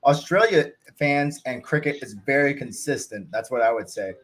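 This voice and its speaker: A man hosting a cricket watch-along in a loose, rambling chat style, often pausing on fillers. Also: medium pitch, fairly bright tone. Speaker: cricket channel host.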